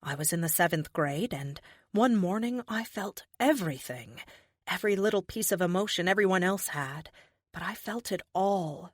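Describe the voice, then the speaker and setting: A woman voicing a young female empath who talks in a soft, confiding way, in an audiobook. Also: fairly low pitch, no echo, clean studio sound. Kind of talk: audiobook character voice.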